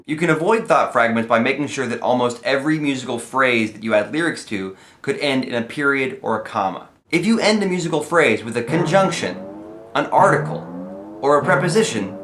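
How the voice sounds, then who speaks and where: A man's voice: medium pitch, animated, a little fast, a bit bright, slight background noise. Man explaining songwriting in an echoey room. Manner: friendly, explanatory, with occasional "uh" and "um". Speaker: comedy songwriter teaching lyric writing. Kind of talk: casual explanatory video lesson. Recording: echoey room, faint music.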